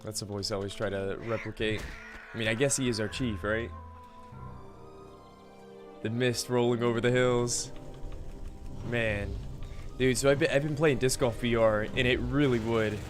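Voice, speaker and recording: A man streaming a game, chatting casually to viewers, relaxed and laughing often, calling people "dude" and "man". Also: on the low side, fairly quick. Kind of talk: casual live-stream chat. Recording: game music underneath. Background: game music.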